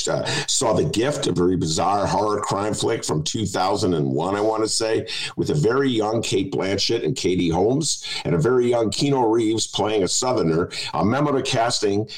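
Host type, male, low-ish voice that swings a lot, wry and chatty. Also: low-quality recording. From United States. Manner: wry, animated, rambling. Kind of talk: casual podcast chat.

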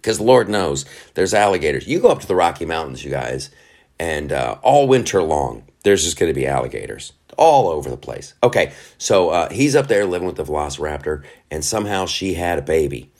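A man hosting a podcast, rambling through casual commentary, often laughing at his own jokes. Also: extremely low pitch. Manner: quick asides and restarts, animated. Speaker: podcast host.

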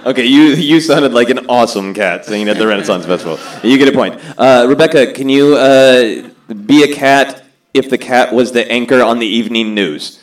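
A man's voice: medium pitch, moderate pace. A man hosts a comedy podcast game in a loose, teasing way, laughing often between questions. He sounds a little tipsy as he hands out points. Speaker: game show host. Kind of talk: casual comedy podcast banter.

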